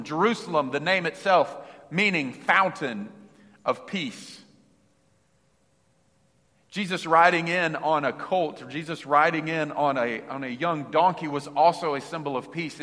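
A man preaching a sermon, reading scripture with animated emphasis and bursts of shouted exclamation. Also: a little high. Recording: long hall reverb.

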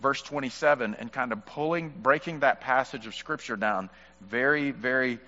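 A man's voice: medium pitch, moderate pace, sharp tone. A man preaching a sermon, earnest and explanatory, walking through a passage with small fillers. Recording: muffled with long hall reverb.

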